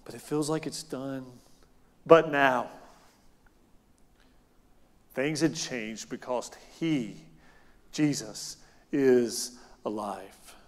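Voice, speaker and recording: A man preaching a sermon as pastor, animated, moving between loud emphatic lines and soft, quiet ones. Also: mid-range voice, very slow, pauses often. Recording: long hall reverb.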